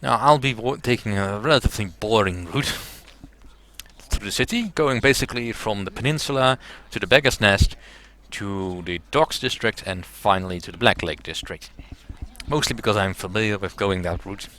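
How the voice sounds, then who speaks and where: A man's voice: on the low side, moderate pace, a bit bright, a little hiss or hum. A man hosting a let's play, musing aloud about the game with hesitant fillers. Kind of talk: gameplay commentary.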